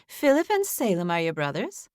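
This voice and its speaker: A woman's voice: on the low side, wildly swooping pitch, normal speed, smooth, no echo, clean studio sound. A woman voicing a kind, flustered grandmother who fusses and talks on and on, in an audiobook. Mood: concerned.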